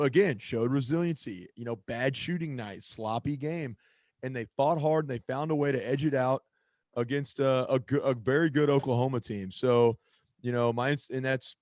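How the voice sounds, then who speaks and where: A man's voice: mid-range voice, a little mellow, no echo. A man co-hosting a casual sports podcast, rambling and often stopping to search for a name or lose his thread. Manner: rambling, self-interrupting, loses his train of thought. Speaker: podcast co-host.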